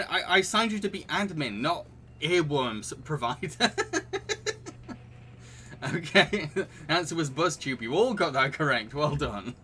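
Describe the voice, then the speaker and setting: A man runs a live-streamed quiz, reading questions and options and answering chat in a chatty, giggly manner between laughs. His voice is a little high and sharp, with a faint hiss or hum.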